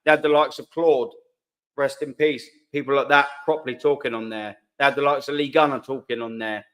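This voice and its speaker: A man's voice: mid-range voice, fairly even intonation, fairly quick, fairly bright tone, clear, resonant tone. A man hosting a live fan chat, reading out viewer comments in a heated, swearing, repetitive way. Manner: heated, swearing, repeats himself, slangy. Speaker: host of a live fan channel.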